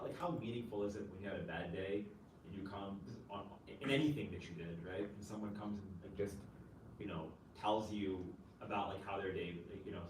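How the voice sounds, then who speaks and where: A man who serves as a chaplain, speaking at a campus talk and answering an audience question in a conversational way, often using "like", "you know" and a questioning "right?". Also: lowish voice. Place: campus event room. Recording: roomy, distant, faint noise.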